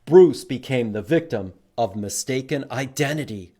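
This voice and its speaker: A man reading a picture book aloud to children as a librarian, animated and stopping to ask them questions. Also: medium pitch, measured pace. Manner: animated, asks the listeners questions.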